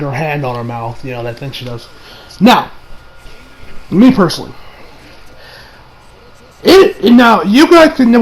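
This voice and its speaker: A young man giving a casual, rambling episode recap as an anime reviewer, excitable and swearing freely, with lots of "you know". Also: sits high, rough recording.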